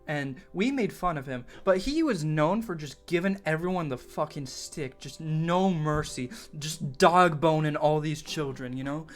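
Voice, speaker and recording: A man's voice: on the high side, a little slow, few pauses, faint music behind. A young man casually telling a story from his school days, swearing freely and laughing as he goes. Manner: casual, profane, laughs often while telling. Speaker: storytelling vlogger.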